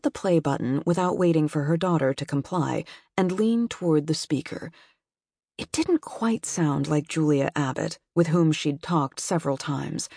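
Low husky woman narrating a novel. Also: lively intonation, normal speed, darkish tone, no room sound, clean studio sound. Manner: voices the characters with small lifts in pitch. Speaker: audiobook narrator. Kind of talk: scripted narration.

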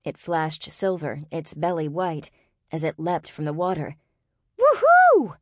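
Low-voiced woman narrating an audiobook. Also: fairly even intonation, measured pace, a little mellow, no echo, studio quality. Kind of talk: scripted narration.

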